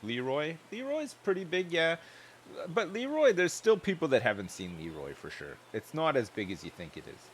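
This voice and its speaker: A man's voice: on the high side, sing-song, moderate pace, a little hiss or hum. A man chatting loosely and joking while livestreaming a game, rambling from one thought to the next. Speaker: streamer.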